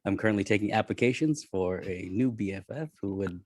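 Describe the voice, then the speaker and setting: A man from Canada co-hosting a podcast in relaxed, wry casual chat, chuckling between remarks. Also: on the low side, a little fast, no room sound, clean studio sound. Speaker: podcast co-host.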